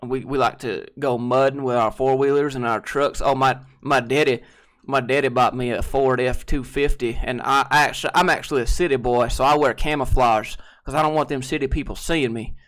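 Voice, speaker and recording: A man putting on a loud Southern good ol' boy drawl. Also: mid-range voice, fairly even intonation, a little fast, hardly any pauses, close to an everyday voice. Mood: boastful. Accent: exaggerated Southern US (Georgia). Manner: thick drawl, boastful, louder than his own talk.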